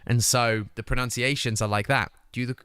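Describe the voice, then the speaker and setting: A man's voice: mid-range voice, fairly even intonation, a little fast, pushed and bright, clear, resonant tone, dry recording. A young British man chatting casually on his live stream, reading viewer comments aloud and answering them. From United Kingdom.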